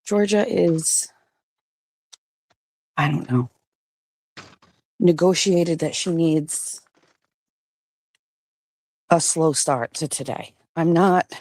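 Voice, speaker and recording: A woman in her forties chatting casually to camera, slipping into a high cooing voice for her dogs. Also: slow pace, long pauses, mellow. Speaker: vlogger. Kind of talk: casual vlog chat.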